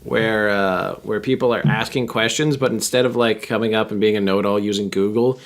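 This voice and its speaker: A man's voice: fairly low pitch, fairly even intonation, fairly quick. A man co-hosting a podcast, rambling through an idea with many filler words. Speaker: podcast co-host. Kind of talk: casual podcast banter.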